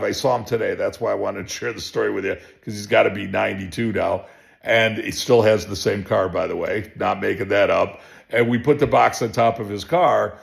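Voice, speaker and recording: A chiropractor telling a personal story in a relaxed, rambling way, full of restarts and fillers. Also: male voice, medium pitch, gravelly. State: emotional. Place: home.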